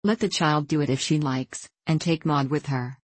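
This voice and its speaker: A woman's voice: low-pitched, moderate pace, no room sound. Prim reproving mother, read by a woman.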